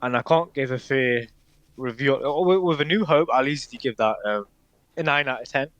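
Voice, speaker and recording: A man in casual podcast conversation, voice in the middle range for a man. He talks haltingly, stopping and restarting with ums and likes. The sound is dry and close, with no room around it. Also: mid-range voice, fairly bright tone, no room sound. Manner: hesitant, many fillers and restarts, laughs often. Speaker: podcast co-host. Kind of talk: casual chat.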